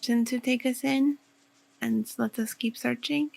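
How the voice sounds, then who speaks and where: Gravelly-voiced woman playing a tabletop game. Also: fairly high pitch, fairly even intonation, unhurried, darkish tone. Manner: earnest, pleading, thinking aloud. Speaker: player. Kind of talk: in-character tabletop role-play.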